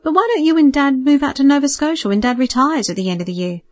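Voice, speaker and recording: A woman's voice: sits high, fast, darkish tone, no echo, pitched above the performer's own voice, close to an everyday voice. A woman voicing a polite, guarded young man who deflects his mother's questions, in a dry recording. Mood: defensive. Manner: polite, subdued, a bit defensive. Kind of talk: audiobook character voice.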